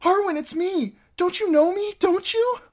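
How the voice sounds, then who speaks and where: A man voicing a frightened, fierce young girl who pleads through tears in a high pitch. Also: measured pace. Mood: desperate pleading.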